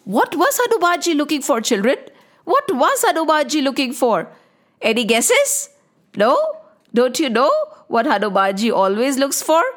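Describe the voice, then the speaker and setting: A woman telling a story to children, animated and often stopping to ask them questions. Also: sits high, moderate pace.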